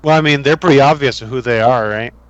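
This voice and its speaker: A man's voice: mid-range voice, fast talker, a little hiss or hum. A young man playing a tabletop game, talking in a laid-back, joking way. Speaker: player. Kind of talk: casual tabletop game chat. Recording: dull lo-fi sound.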